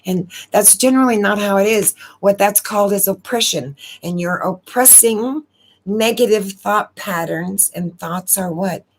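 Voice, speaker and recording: A woman's voice: medium pitch, unhurried. A woman hosting a casual live stream, talking in a rambling, emotional way and repeating words as she goes. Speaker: astrology channel host.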